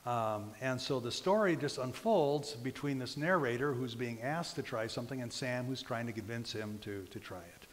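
Storytelling pastor in a reverberant church. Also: male voice, medium pitch, normal speed, few pauses. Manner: conversational storytelling with fillers. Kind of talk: sermon.

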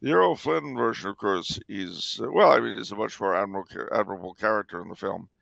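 An older man hosting a podcast, chatting in an opinionated, halting way with many hesitations. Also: lowish voice, creaky, fairly bright tone, dry recording. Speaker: podcast host. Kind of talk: casual chat. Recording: dull lo-fi recording.

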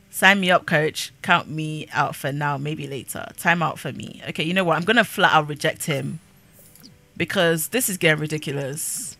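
Young woman, gaming YouTuber, casual let's-play chatter, frequent laughter, slightly low pitch, bright tense tone. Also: moderate pace, vocal fry, dry recording. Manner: chatty, laughs often, narrates the characters' dialogue.

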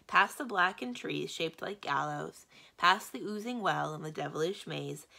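With a lowish, bright, somewhat gravelly voice, this librarian tells the story of a children's novel in steady, expressive narration as she reads it aloud.

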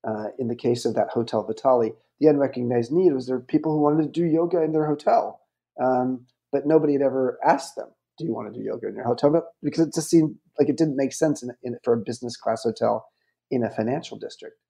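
A middle-aged man speaks as a guest on a podcast interview, his voice mellow and warm at an ordinary pitch. He talks in measured, reflective phrases, now and then pausing with an um. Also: creaky.

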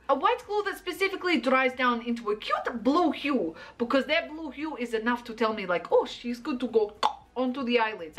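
Young female vlogger, bright and high-pitched, animated delivery, jokey and dramatic. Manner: playful, theatrical, self-narrating in third person. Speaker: makeup vlogger. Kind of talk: chatty makeup tutorial.

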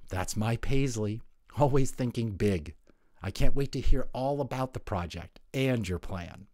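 A man voicing a gentle, proud mother rabbit in a storybook. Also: medium pitch, lively intonation, no room sound, studio quality, close to an everyday voice. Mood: loving. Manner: gentle, slow.

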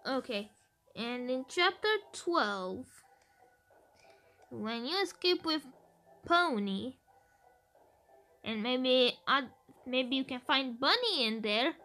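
High, bright-voiced woman thinking aloud. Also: lively intonation, takes it slowly, pauses often, faint music behind. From Romania. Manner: hesitant, thinking aloud with restarts. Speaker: gaming video creator. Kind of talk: casual game-theory chat.

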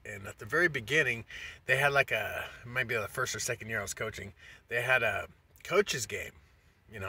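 Bright-voiced rambling profane man. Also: mid-range voice, slightly rough. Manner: rambling, profane, restarts often. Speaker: vlogger. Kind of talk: casual storytelling monologue.

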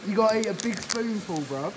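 A man's voice: high-pitched, lively intonation, a little fast, background noise. A man, teasing and goading a mate in casual banter, laughing often. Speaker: builder egging on a mate.

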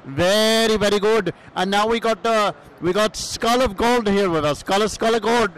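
A man's voice: high voice, normal speed, a bit bright, slight background noise, poor audio. A man putting on a pompous comic persona who speaks stilted, broken English in short barked phrases, improvised on a live podcast. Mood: mock-formal. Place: convention hall at a live expo.

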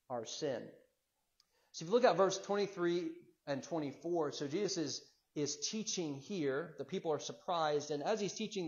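A man's voice: on the high side, highs cut off. A man preaching a sermon as pastor, earnest, asking rhetorical questions and repeating himself as he builds a point.

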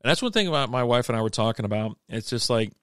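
A man's voice: medium pitch, lively intonation, quick pace, fairly bright tone, smooth, no echo, studio quality. A middle-aged man hosting a casual beer livestream, chatting loosely and reading comments aloud, full of fillers and restarts. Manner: rambling, laid-back, lots of fillers and restarts. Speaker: livestream beer show host.

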